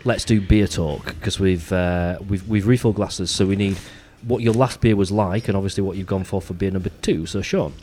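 A man's voice: sits low, fairly even intonation, normal speed, hardly any pauses, a little mellow. A man hosting a casual podcast chat, easygoing and dry-humoured, often restarting his sentences. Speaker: podcast host.

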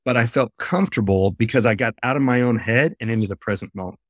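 Male podcast guest, eager storyteller, middle pitch, dry sound, video call. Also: fast talker, dry recording. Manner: animated storyteller, eager and explanatory. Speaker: podcast guest, face-reading trainer. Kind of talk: casual interview chat. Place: home office with a bookshelf.

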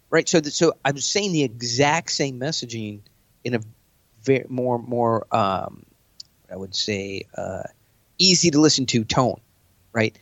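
Brash male podcast guest, dry, dull lo-fi sound, mid pitch. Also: measured pace, no echo. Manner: brash, animated, acts out sales pitches. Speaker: business speaker, podcast guest. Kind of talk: casual chat.

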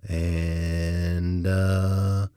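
A man's voice: deep voice, little pitch movement, drawn-out words, warm tone, clear, resonant tone, dry recording, studio quality. A middle-aged man hosting a podcast, telling a personal story in a reflective, candid way with frequent restarts. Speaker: podcast host. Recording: music bed playing underneath.

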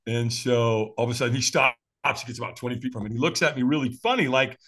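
Talking fast in a medium-pitched voice, the American firewalk instructor recounts a tale during a podcast conversation, animatedly voicing the people involved and laughing softly often.

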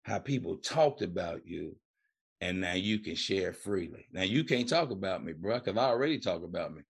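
Deep and husky with vocal fry, this middle-aged man's voice moves with lively intonation at a moderate pace. He's a recovery coach on a podcast, sharing his story colloquially in a relaxed interview, imitating the people he quotes and repeating "man" and "you know."

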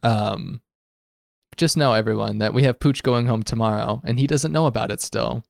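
A man's voice: medium pitch, moderate pace, gravelly, no room sound. Man, podcast host, casual rambling chat, laughs often, dry close mic.

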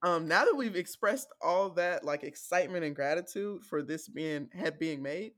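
A woman from the American South co-hosting a podcast in casual chat, telling animated stories and laughing often. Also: on the low side, normal speed, dry recording, studio quality. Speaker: podcast co-host.

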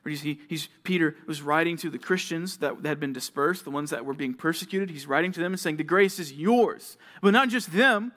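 A young man preaching to junior high students, telling stories and acting out short scenes, with sudden swings from loud to hushed. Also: a little fast, hardly any pauses. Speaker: youth pastor. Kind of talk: youth sermon.

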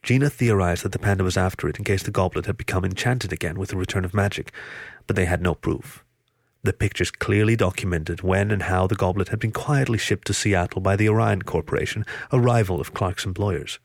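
A man narrates a thriller story in a low voice, steady and even. The sound is dry and close, with no room around it. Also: a little fast, vocal fry, no echo. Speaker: audiobook reader.

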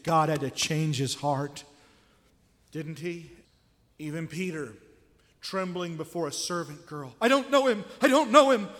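In a big-room setting, a man with a high, slightly bright voice preaches a sermon conversationally, often putting rhetorical questions to his listeners.

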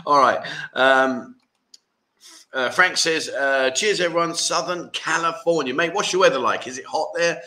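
Chatty bright-voiced man host. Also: medium pitch, takes it slowly, long pauses. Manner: chatty, jokey, teasing. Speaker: livestream host. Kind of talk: casual livestream chat reading comments.

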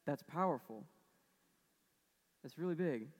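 A man's voice: on the high side, lively intonation, a little slow, in a large hall. A man preaching a casual sermon, conversational and storytelling, with lots of fillers. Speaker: pastor.

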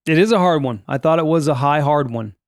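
A man's voice: on the high side, fast, no room sound, clean studio sound. A man hosting a podcast, chatting casually and telling rambling, jokey stories. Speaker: podcast host. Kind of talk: casual chat.

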